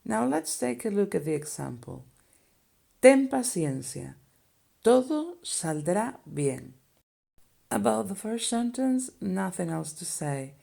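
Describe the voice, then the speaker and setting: Spanish accent lady teaching phrases, slow, patient, kinda gravelly, mellow voice. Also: mid-range voice, sing-song. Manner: patient, explains each phrase step by step. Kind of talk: language lesson explanation.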